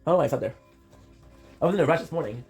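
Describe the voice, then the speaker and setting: A man's voice: on the high side, animated, very fast, gravelly, a little mellow, husky, soft background music. A man streaming live, chatting casually and rambling, often talking to himself and swearing offhand.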